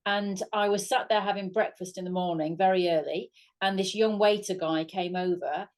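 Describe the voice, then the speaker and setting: A British woman in her middle years co-hosts a relaxed chat. Her voice sits at an ordinary middle pitch. She tells stories in an animated, energetic way. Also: moderate pace. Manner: animated anecdote-telling. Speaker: co-host. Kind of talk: casual chat.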